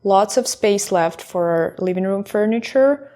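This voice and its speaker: Young woman gushing about her apartment, casual vlog talk, mid pitch, filmed on a little handheld cam. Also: a little slow, dark tone. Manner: chatty, enthusiastic about decor. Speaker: vlogger giving an apartment tour. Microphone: small handheld camera.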